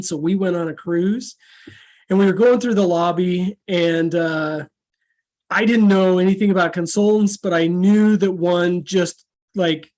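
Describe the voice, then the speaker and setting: Man, guest speaker, call audio; animated storyteller who acts out quoted voices. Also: sits high. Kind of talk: storytelling talk on a video call. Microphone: video call.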